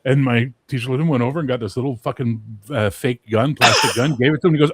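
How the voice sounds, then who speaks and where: A man swaps rowdy stories in a loose chat, swearing freely and acting out the voices of the people in them. His voice sits at an ordinary pitch. The sound is dry and close, with no room echo. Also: quick pace, husky. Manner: profane, animated anecdotes with acted-out quotes. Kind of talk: casual chat, storytelling.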